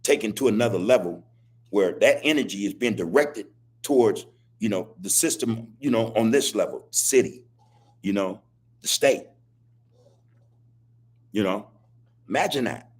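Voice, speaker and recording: A man hosting a live-stream podcast, preaching in casual street talk and repeating his points, with a husky voice. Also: lowish voice, lively intonation, unhurried, long pauses. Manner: preachy, repetitive street talk, laughs as he speaks. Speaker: podcast host.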